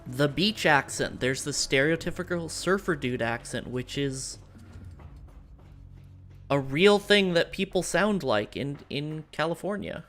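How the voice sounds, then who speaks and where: A woman's voice: low-pitched, lively intonation, a little slow, faint music behind. A woman from the United States streaming a strategy game and chatting casually with her viewers, rambling and full of fillers and restarts. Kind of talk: casual live-stream chat while playing a strategy game.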